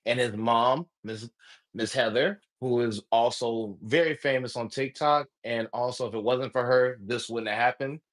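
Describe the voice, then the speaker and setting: Animated Southern man hosting a podcast. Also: medium pitch, moderate pace. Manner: animated, enthusiastic. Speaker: podcast host. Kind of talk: live podcast interview.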